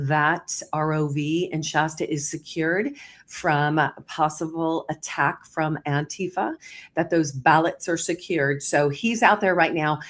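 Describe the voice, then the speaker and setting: A woman hosting a live online talk show over a video call, telling the story fast and emphatically, her pitch jumping up on key points. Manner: animated, emphatic storytelling with big pitch jumps. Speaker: host.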